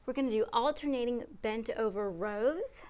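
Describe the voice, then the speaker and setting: Breathy woman leading a workout. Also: a little high, normal speed, a little mellow. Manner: encouraging, counts reps aloud while exercising. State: a little out of breath. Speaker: fitness instructor. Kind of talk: guided workout instruction.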